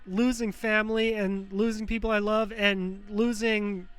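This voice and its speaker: A man's voice: sits high, flat delivery, a little slow, smooth. A man hosting his show in a rambling personal monologue, raw and close to tears, swearing often and restarting his sentences. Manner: rambling, profane, frequent fillers and restarts. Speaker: show host.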